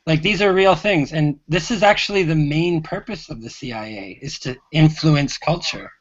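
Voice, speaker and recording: A man's voice: a little high, normal speed, dull audio. A man in a casual online group discussion, arguing his points insistently. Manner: insistent, argumentative.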